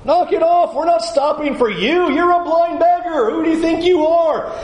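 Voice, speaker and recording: A preacher acting out a scornful, scolding crowd. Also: male voice, very high voice, moderate pace, a little mellow, echoey room, voice pushed up, low-quality recording. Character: impatient crowd scolding a blind beggar.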